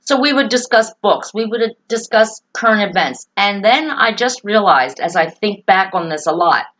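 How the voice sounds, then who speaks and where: A woman's voice: mid-range voice, animated, moderate pace, fairly bright tone, poor audio. A woman vlogging to camera about her own life and opinions, earnest, emotional and opinionated. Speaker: political vlogger. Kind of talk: personal talk to camera.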